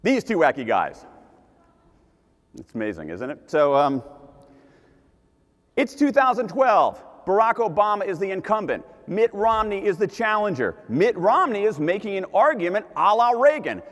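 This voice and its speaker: A man giving an animated conference talk, repeating his key points for emphasis. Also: high voice, moderate pace. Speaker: conference speaker. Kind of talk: keynote talk to a live audience. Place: large conference hall. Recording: long hall reverb.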